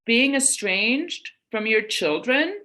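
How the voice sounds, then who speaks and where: A woman's voice: fairly high pitch, lively intonation, takes it slowly, bright, forceful tone. A woman in her forties, a guest author in a casual podcast conversation, telling candid family stories and acting out the quoted lines. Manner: candid storyteller, acts out quoted dialogue.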